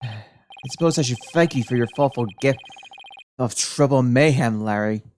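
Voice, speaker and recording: A woman voicing a tired man lawyer in a game, low and deadpan with sighs. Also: normal speed, a little hiss or hum. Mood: weary.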